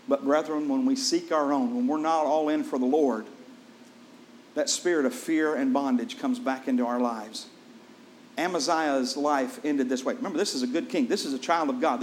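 A man preaching a sermon, retelling a scripture story with lively storytelling, asking the congregation questions, and dropping soft and low for solemn points. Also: slight background noise.

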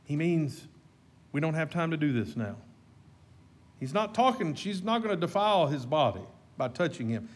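Husky-voiced preacher telling a story. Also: male voice, a little high, big pitch swings, moderate pace. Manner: dramatic retelling, shifting loud to hushed. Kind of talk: sermon storytelling.

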